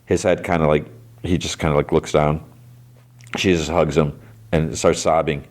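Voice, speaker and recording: Scene by scene, a very deep-voiced man walks through a TV episode in a laid-back podcast-host style. The recap is casual and chatty, peppered with quick restarts and plenty of "he's like."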